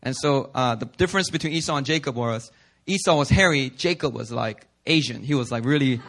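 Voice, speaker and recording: A man's voice: medium pitch, brisk, a bit bright. A young male pastor giving a sermon in a church, telling stories in a casual, joking way.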